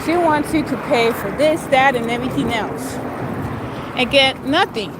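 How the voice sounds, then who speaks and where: A woman's voice: sits high, normal speed, very noisy. A young adult woman telling a story in a blunt, sassy way during a casual livestream chat. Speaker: vlogger. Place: outdoors.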